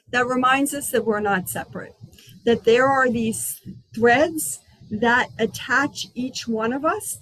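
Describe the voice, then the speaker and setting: A woman hosting a spiritual healing circle over a video call from her outdoor patio, talking in a gentle, unhurried, chatty way. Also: a little high, low-quality recording.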